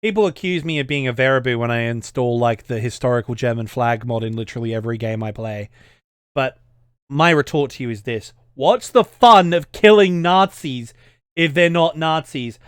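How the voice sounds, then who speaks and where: A man's voice: mid-range voice, a little fast, clear, resonant tone, dry recording, studio quality. A young Australian man giving casual reaction commentary as a history YouTuber, ranting in an exasperated, sweary way.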